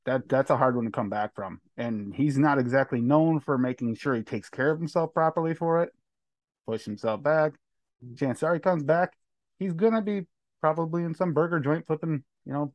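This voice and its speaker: Guy on a podcast cracking jokes, kinda higher voice, no room echo. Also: moderate pace. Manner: loose, joking, trash-talking. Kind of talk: casual podcast banter.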